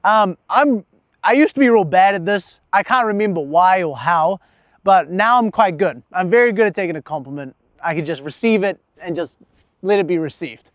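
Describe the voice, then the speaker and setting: Young guy with a high voice rambling about himself, swears a lot, dry close sound. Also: animated, moderate pace, no echo, muffled recording. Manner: casual and profane, laughs at himself. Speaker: vlogger. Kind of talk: candid personal monologue.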